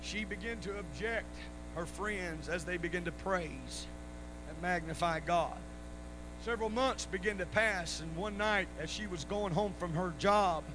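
A man preaching at a revival, telling stories and rising into shouted praise. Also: sits high, a little slow. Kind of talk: sermon with stories. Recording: live church recording with noise and hum.

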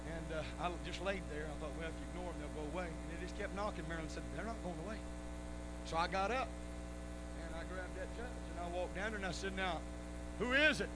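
A man preaching at a revival, telling stories and rising into shouted praise. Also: sits high, steady tone, fast talker. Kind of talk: sermon with stories. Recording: live church recording with noise and hum.

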